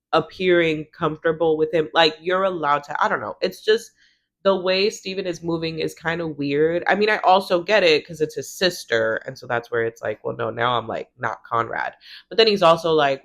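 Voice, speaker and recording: A woman in her thirties casually recapping a TV show, quoting characters in quick voices and laughing often. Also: low voice. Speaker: recap vlogger.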